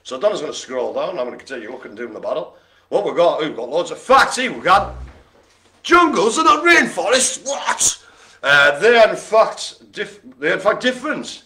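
A man's voice: medium pitch, sharp tone. A man hosting a live online bingo show, cracking puns and making silly noises between calls. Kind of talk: jokey live bingo calling.

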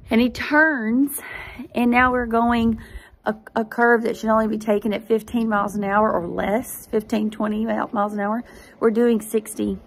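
Speaking in a gravelly, medium-pitched voice, a woman tells viewers of her faith vlog about her personal testimony. She addresses them directly with earnest, lively storytelling.

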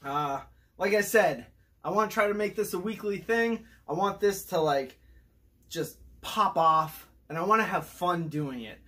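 An excitable man reviewing fast food straight to camera, chatting between bites with his mouth still half full. His voice sits a little higher than most men's. He talks loosely and jokes with the food. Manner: excitable, talks while chewing. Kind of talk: casual food review vlog.

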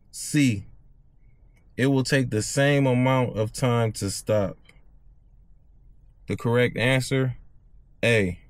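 A man's voice: mid-range voice, no room sound. A man, reading driving test questions aloud and explaining the answers in loose, casual talk. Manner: reads questions slowly, then explains in loose slang. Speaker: CDL test tutor.

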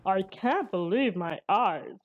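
Steady sea captain, put on by a woman reader: gruff, slow, kindly, in a slightly dull recording. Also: mid-range voice. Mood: relieved, helpful.

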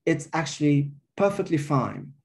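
Lecturing on linguistics, this man speaks in a mellow, somewhat raised voice that is creaky and very animated, rising and falling widely in pitch. He explains things one step at a time and thinks out loud, filling gaps with plenty of uh and um.

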